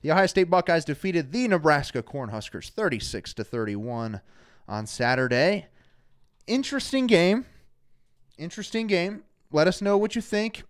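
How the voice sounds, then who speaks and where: A man hosting a live fan talk show from a studio, energetic and reading out viewers' names. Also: fairly high pitch, clean tone. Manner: energetic, shouts out viewers by name. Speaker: show host. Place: studio under hot lights.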